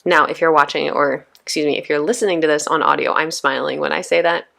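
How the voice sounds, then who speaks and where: A woman's voice: sits low, steady tone, fast, creaky, a bit bright. A woman in her thirties hosting a podcast, talking casually and conversationally with lots of asides to her listeners. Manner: chatty, conversational, frequent "right?" and "you know". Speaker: podcast host.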